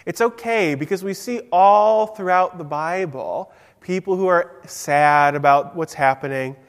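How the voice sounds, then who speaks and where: A man's voice: sits high, measured pace, long reverb tail. A man preaching a simple story-style sermon, asking his listeners questions. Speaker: preacher giving a children's message.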